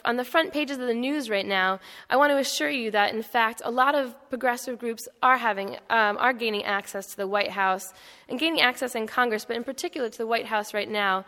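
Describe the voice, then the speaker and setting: Woman panel speaker, bright, conversational, restarts often, reverberant hall. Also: on the high side. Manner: conversational, storytelling with frequent fillers and restarts. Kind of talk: public talk at an event. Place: indoor hall.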